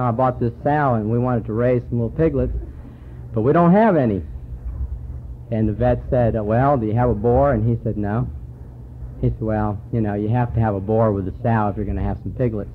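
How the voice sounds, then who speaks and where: In a hall at a recovery conference, a man tells folksy jokes and stories to the audience, speaking a little fast in a mid-range voice. The recording is tinny and phone-like, with slight background noise.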